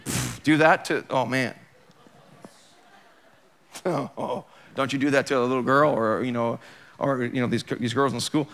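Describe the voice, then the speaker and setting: A man's voice: medium pitch, fairly even intonation, a little slow, vocal fry, long pauses, a bit bright. A male pastor giving a sermon in a church, talking conversationally and with emphasis, using plenty of rhetorical questions.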